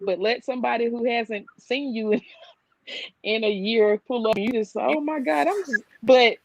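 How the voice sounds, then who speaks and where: A woman's voice: fairly high pitch, steady tone, darkish tone, slight background noise. A woman who cares for her mother, talking candidly in a podcast chat and joking her way through it. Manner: candid, joking, quick to quote people. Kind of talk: casual podcast discussion. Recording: dull, lo-fi and dry.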